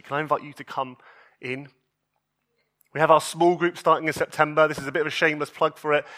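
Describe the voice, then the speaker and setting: A man's voice: on the high side, bright, forceful tone. A man in his thirties, a pastor delivering an earnest, pleading sermon and often restarting his phrases.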